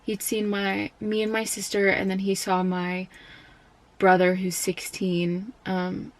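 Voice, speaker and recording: A young woman in college telling a personal story in a vlog, speaking softly and haltingly with many fillers, at times close to tears. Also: medium pitch, monotone. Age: young adult. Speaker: college student.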